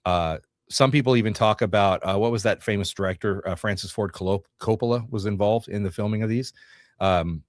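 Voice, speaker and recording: Talking a little fast in a low-ish register, this Northeast Georgia man co-hosts a casual livestream, joking and wandering as he reads notes and viewer comments. He's middle-aged, and the studio-quality audio has no echo.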